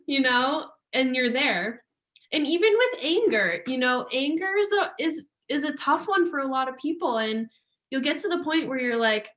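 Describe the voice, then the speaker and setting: A woman co-hosting a casual chat about yoga, earnest and warm with laughter, often acting out her inner thoughts. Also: sits high, lively intonation, normal speed. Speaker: yoga teacher co-host. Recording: echoey room.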